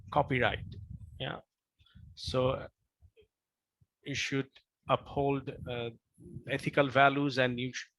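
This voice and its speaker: A man's voice: mid-range voice, fairly bright tone, no room sound, rough recording. A man lecturing as a professor, earnest, repeating key points with frequent fillers and restarts. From Bangladesh. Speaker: professor giving a training lecture.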